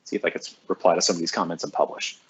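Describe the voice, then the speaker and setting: This school librarian talks very fast in a low voice with fairly even intonation, chatting casually on a live stream with students. He reads out their names and comments and answers them cheerfully. The recording is muffled, with a little hiss or hum.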